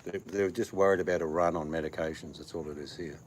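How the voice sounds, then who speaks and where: A man's voice: rumbling low, fairly even intonation, fast, slight background noise. A man hosting a livestream in casual chat, joking and bawdy. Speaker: livestream host.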